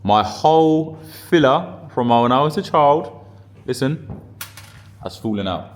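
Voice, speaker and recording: A man from the UK, a gold trader and trading mentor, talking casually to camera in an excitable, slangy way and swearing freely. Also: medium pitch, measured pace. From United Kingdom. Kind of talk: casual vlog talk to camera. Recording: noisy background.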